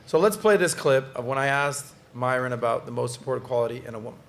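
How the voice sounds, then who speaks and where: A man's voice: medium pitch, fast talker, gravelly, fairly bright tone, slight background noise. A man hosting a casual podcast chat, upbeat and joking as he steers the talk. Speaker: podcast host.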